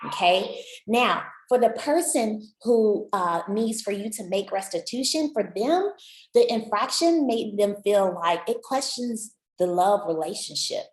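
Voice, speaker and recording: A woman coaching couples in a warm-hearted, chatty style, speaking right to her listener and cheering them on. Her voice sits at a middle pitch. The sound carries a noticeable room echo. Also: a little slow. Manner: encouraging and chatty, addresses listener directly. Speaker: relationship coach. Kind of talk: motivational talk to camera.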